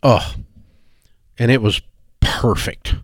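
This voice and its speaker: A middle-aged man, hosting a money talk show and telling a folksy story in a lively voice. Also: medium pitch, slow pace, no room sound. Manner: folksy storyteller who puts on voices for quoted people. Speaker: radio show host.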